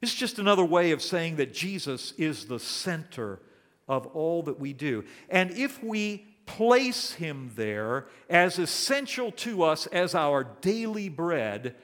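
An older male pastor delivers a sermon in an earnest, emphatic way, drawing out the words he wants to land. His voice sits a little high for a man. The sound carries a long reverb, as if from a large hall. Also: big pitch swings, fairly bright tone. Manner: earnest, emphatic, slows down to stress key words.

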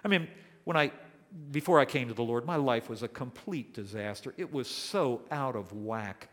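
A man's voice: mid-range voice, animated, a bit bright. Older male pastor preaching in a reverberant hall. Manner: earnest, emphatic, slows down to stress key words. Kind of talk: sermon.

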